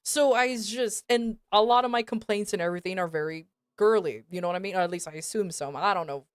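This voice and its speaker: Woman streamer rambling thru a story, swears a ton, mid pitch, dry close sound. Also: fast, clear, resonant tone, no echo. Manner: swears a lot, animated and rambling. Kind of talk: casual storytelling to chat.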